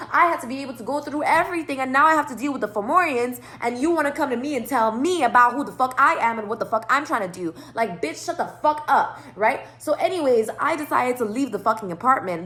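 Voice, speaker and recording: A woman's voice: high-pitched, pushed and bright. A woman telling a rambling story in a casual monologue, swearing a lot and stressing her words. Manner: profane, rambling, emphatic. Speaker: tarot reader.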